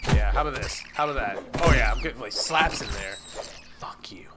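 A man's voice: mid-range voice, lively intonation, fairly quick, very noisy. A young man casually narrating a video game, rambling, swearing and yelping when startled. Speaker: gaming YouTuber. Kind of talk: casual let's-play commentary.

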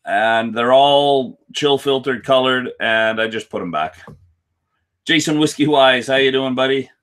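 A man appearing as a guest on a casual live whisky stream, answering in a dry, deadpan way and greeting viewers by name. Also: medium pitch, measured pace, clear, resonant tone.

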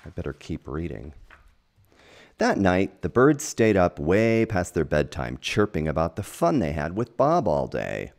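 A man reading a children's picture book aloud at home, gentle and unhurried, pausing to point out the pictures. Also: low-pitched, wildly swooping pitch. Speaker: storytime reader. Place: at home with a dog.

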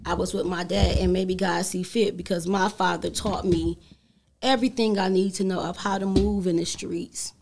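Animated woman telling a family story. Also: lowish voice, normal speed, gravelly, background noise. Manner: animated storyteller, acts out quoted voices. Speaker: guest entrepreneur. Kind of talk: casual talk show conversation.

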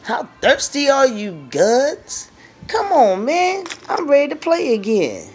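A woman putting on a raised, pushy voice for an older male dog in a home dog video. He is impatient and coaxing, with slang and a lively, swinging pitch. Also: slow pace, heavily acted.

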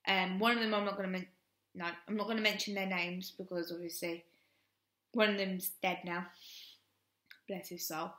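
A woman's voice: fairly low pitch, level tone, moderate pace, long pauses, bright, forceful tone. A young woman, frankly telling a personal story on her vlog and rambling with many "um"s. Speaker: vlogger. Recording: roomy echo.

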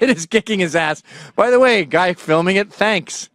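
A man in his forties hosting a show, telling profane comedic stories and jumping between low mumbling asides and sudden loud outbursts. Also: normal speed, no echo, clean studio sound. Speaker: show host.

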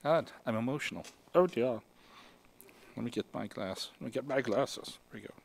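A man's voice: medium pitch, animated, normal speed, creaky. Older man giving a rambling speech. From Brooklyn, New York. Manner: rambling and emotional, many fillers, laughs. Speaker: award recipient giving an acceptance speech. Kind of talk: acceptance speech. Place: festival stage.

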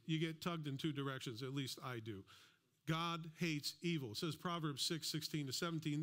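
A man preaching a sermon in a casual, conversational way, reading scripture slowly and acting out little everyday exchanges. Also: on the high side, a bit bright. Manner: conversational, plays out little imagined dialogues; slows down to read scripture aloud. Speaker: pastor.

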